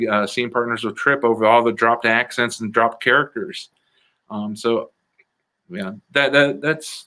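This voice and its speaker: An improv comedian from the Chicago area talking through his craft in a relaxed, earnest way. His tone is bright and clear, and his pitch sits in the middle. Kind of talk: casual interview answers.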